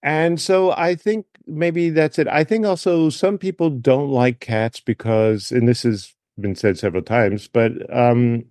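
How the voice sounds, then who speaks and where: A man guest chatting loosely in an interview, his voice neither high nor low. He rambles happily into side tracks before finding his way back. The sound is close and dry, with no room around it. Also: a little slow, hardly any pauses, darkish tone, no echo. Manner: chatty, wanders into tangents. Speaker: author guest. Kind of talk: casual interview chat.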